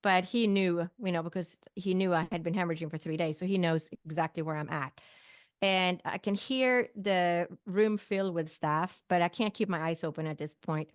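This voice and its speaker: A middle-aged woman from Sweden speaks as an interview guest, recounting events vividly and slipping into the voices of people in the story. Her voice sits slightly low. The sound is dry and close, with no room around it. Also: normal speed, no room sound. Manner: vivid retelling with quoted dialogue and small laughs. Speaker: guest, naturopathic physician and psychic medium. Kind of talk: personal story told in an interview.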